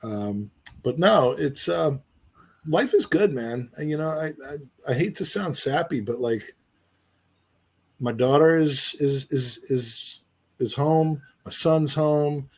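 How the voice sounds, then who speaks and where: A man's voice: on the high side, lively intonation, slow, breathy edge. A middle-aged man co-hosting a podcast, chatting in a rambling, earnest way and restarting his sentences often. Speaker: podcast co-host. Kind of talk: casual chat.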